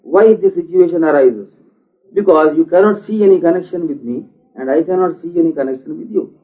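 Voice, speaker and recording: A man giving a philosophical lecture, deliberate in manner and asking many rhetorical questions. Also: fairly high pitch. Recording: dull lo-fi recording.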